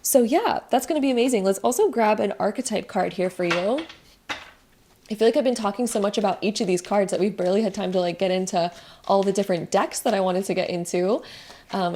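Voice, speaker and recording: A young woman giving a casual spiritual tarot card reading, gentle and rambling with many fillers. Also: mid-range voice, a little hiss or hum.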